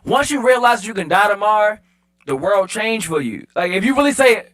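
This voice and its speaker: A man from Baltimore with a high, bright voice speaks on a podcast after a few drinks. He keeps repeating his opening words to hold the floor, then talks with earnest conviction. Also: animated, brisk. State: a little drunk. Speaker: podcast guest, entrepreneur. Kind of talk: loose tipsy podcast chat.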